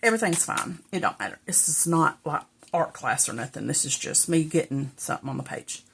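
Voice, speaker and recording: Her voice is deep, creaky, fairly bright, and breathy-edged, and she speaks briskly with lots of animation. She's a middle-aged crafting vlogger chatting casually to viewers from her indoor home craft room, out of breath and rambling as she talks to herself while working.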